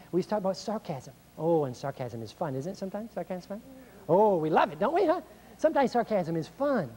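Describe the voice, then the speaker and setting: A middle-aged man giving a motivational speech to school staff, acting out complaints in a raised voice. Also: sits high. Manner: animated, acts out complaints in a raised voice. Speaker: speaker. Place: speech hall, recorded 1990.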